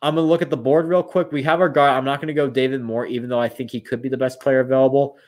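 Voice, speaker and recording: A man's voice: mid-range voice, fairly even intonation, very fast, a little mellow. A young man casually talking through picks on a live stream, thinking aloud and a bit tired. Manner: thinks aloud, rambling with restarts. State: yawning, tired. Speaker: streamer running mock drafts.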